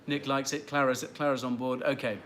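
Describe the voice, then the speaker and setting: A man's voice: medium pitch, little pitch movement, brisk, a bit bright, a little hiss or hum. A man hosting a casual livestream, answering viewer questions in a rambling, chatty way and teasing regulars. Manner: chatty and rambling, with many fillers and restarts, light teasing of viewers. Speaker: livestream host.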